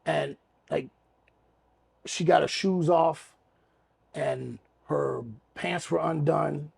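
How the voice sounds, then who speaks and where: A man co-hosting a podcast, telling an animated, profane story and acting out every scene. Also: on the high side, very slow, vocal fry, husky. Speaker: podcast co-host. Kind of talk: casual storytelling.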